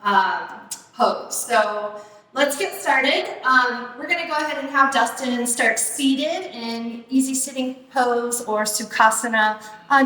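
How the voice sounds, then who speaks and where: A woman yoga instructor giving calm guided cues with frequent ums, teaching in a studio. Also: high-pitched, slow, very echoey, big-room sound, distant mic, low-quality recording.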